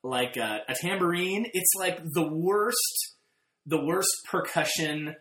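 Animated, sarcastic storyteller in a roomy space. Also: mid-range voice, takes it slowly. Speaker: podcast co-host. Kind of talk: casual chat. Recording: roomy echoey room.

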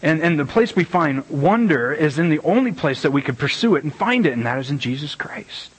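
A middle-aged man preaching a casual, conversational sermon as pastor, animated and rambling, with many restarts and repeated words. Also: a little high, fairly quick, slightly rough, rough recording. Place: church sanctuary.

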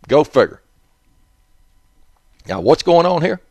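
Southern man host, blunt and profane, animated delivery, dry close sound. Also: on the high side, extremely slow, breathy edge, dry recording. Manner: blunt, profane, rambling, digressive. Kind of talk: rambling casual monologue.

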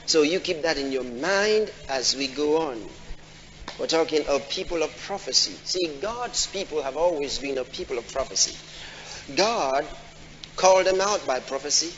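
A man preaching a sermon, often asking the congregation questions and acting out quoted voices in a high pitch. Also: fairly bright tone, slight background noise. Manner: call-and-response questions to the congregation. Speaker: pastor. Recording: dull audio in a large reverberant hall.

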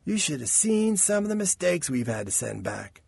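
A flirtatious, wisecracking fellow who teases and coaxes, his voice swinging up high and lively, as a male narrator puts him on. The sound is dry and close, with no room around it. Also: normal speed, creaky, slightly rough, dry recording, full character voice. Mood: musing. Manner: teasing, playful, coaxing. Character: flirtatious, wisecracking adult man, a keeper of books. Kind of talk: audiobook character voice.

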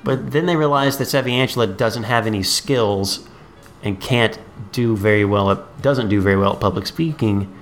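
A podcast co-host with a lowish voice recaps a movie in casual chat, acting out characters' lines in quick voices. Soft music plays in the background.

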